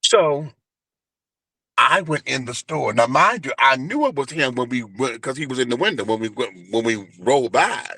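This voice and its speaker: A man in his forties telling a personal story in an animated, flamboyant, profane way during a casual interview. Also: mid-range voice, normal speed, dry recording. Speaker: guest, entertainer and radio host.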